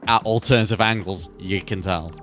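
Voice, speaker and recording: A man's voice: sits low, normal speed, fairly bright tone, faint music behind. A man co-hosting a podcast, explaining his ideas about a game in a thoughtful way. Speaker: podcast co-host. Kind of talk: casual gaming chat.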